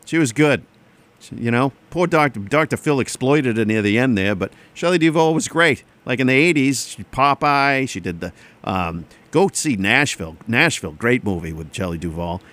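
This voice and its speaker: A man's voice: mid-range voice, lively intonation, moderate pace, a bit bright. A man hosting a casual radio show, rambling and self-deprecating in an offhand way. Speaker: radio DJ host.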